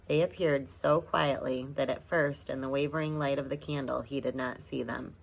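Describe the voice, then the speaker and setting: A woman narrating a children's storybook in a measured, gentle way. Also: extremely low pitch, steady tone, creaky, rough recording. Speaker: audiobook narrator.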